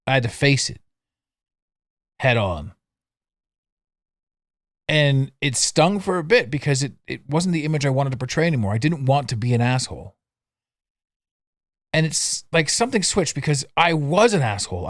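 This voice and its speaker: A middle-aged man hosting a solo podcast, chatting casually and mocking himself, with sudden loud bursts and low asides. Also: no room sound, studio quality. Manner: animated, swings between loud outbursts and low asides; self-mocking, laughs at himself. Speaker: podcast host. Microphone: studio mic, audio only.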